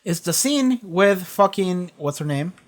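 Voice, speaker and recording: A host talking casually through a TV episode reaction, rambling and animated, swearing freely and circling back to repeat points. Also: mid-range voice, unhurried.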